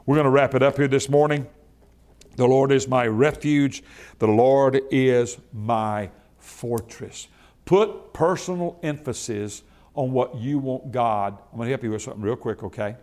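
A man preaching a sermon to a church, folksy and repetitive, building from calm teaching to loud, fervent preaching. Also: mid-range voice, a little slow. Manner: folksy, repeats phrases for emphasis. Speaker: pastor.

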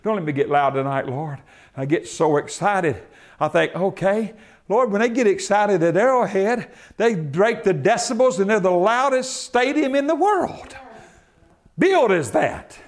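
A man preaching a sermon, swinging between loud, shouted exhortation and quiet, low asides. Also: expressive, a little slow.

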